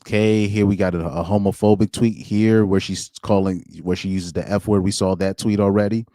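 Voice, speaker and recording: A man's voice: lowish voice, fairly even intonation, normal speed, mellow, no room sound, studio quality. A young adult man doing casual reaction commentary, reading posts aloud with incredulous asides and trailing restarts. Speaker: commentary streamer.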